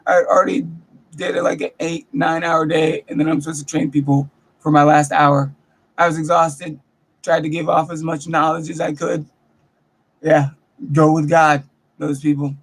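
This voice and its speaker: Brief: young comedian vlogging from his bedroom, high voice, animated, cusses freely. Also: normal speed. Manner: animated, profane, self-mocking storytelling. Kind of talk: casual storytelling vlog. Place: bedroom at home.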